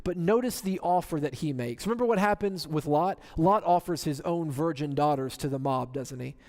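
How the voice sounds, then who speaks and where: High-pitched guy preaching, tells the story big, lots of "doesn't it?", echoey church. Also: normal speed, darkish tone. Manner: dramatic storytelling with rhetorical questions. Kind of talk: sermon. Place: church sanctuary.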